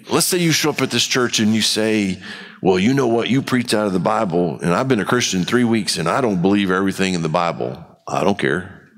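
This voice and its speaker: A man's voice: on the low side, big-room sound. A man preaching a sermon in a church in a conversational style, acting out quotes as he goes. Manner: conversational preaching with acted-out quotes and rising intensity. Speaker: pastor.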